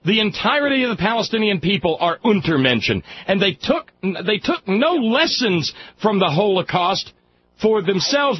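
Man, talk radio host, impassioned, emphatic, slightly high voice, muffled radio sound. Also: big pitch swings, normal speed, a little hiss or hum. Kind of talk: call-in talk radio commentary. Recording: dull lo-fi radio broadcast.

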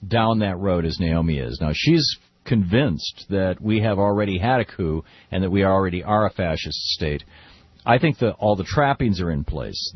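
Husky opinionated radio host, man. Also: low-pitched, dry recording, highs cut off. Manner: opinionated, fast with frequent restarts. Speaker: radio talk show host. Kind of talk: political call-in talk.

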